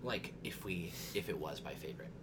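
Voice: low-pitched, expressive, a little fast, background noise. A podcast host chatting with guests, enthusiastic and a little rambling. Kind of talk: casual podcast chat. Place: apartment room with friends.

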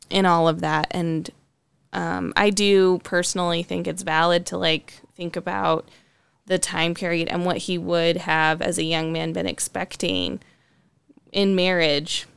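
Thoughtful woman, clear, dry voice. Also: on the low side, little pitch movement, unhurried, no echo. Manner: thoughtful, hedging with frequent ums and likes. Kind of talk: casual conversational chat.

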